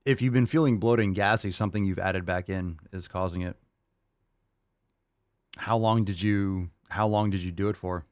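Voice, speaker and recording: Low-voiced rambling male podcast host. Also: fairly even intonation, moderate pace, no echo, studio quality. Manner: loose and rambling, repeats himself, jokey asides. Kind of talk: casual chat answering listener questions.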